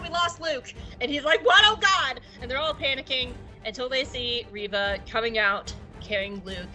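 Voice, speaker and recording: A woman's voice: fairly high pitch, a bit bright, low-quality recording. A woman co-hosting a podcast, recapping an episode in a chatty, jokey way. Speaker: podcast co-host.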